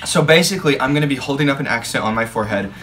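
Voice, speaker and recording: A man's voice: medium pitch, a bit bright, a little hiss or hum. Jokey young man vlogging. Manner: quick, jokey, often laughing. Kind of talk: casual chat.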